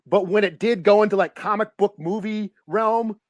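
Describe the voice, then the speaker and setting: High-voiced excitable man, rambling chat. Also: normal speed, no echo, clean studio sound. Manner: rambling, excitable, swears freely. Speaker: podcast co-host. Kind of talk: casual movie review chat.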